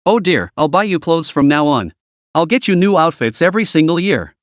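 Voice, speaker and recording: A kind, generous young businesswoman who speaks gently, as a male reader puts her on. The voice is lively in pitch and sits somewhat high. It is recorded dry and close. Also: a little fast, dry recording. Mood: gentle.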